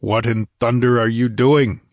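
A man voicing a gruff barbarian warrior who grunts orders in short, blunt commands, in an audiobook. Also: fairly low pitch, normal speed, no room sound, clean studio sound, lightly acted. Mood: commanding.

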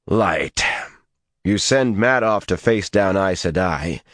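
A gruff young fantasy hero, as a male narrator plays him, growling with blunt exasperation. He is protective and quick to anger, and his voice rises higher and louder than the narration. He comes from a fantasy audiobook. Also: lively intonation, no room sound, clean studio sound, full character voice. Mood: angry.

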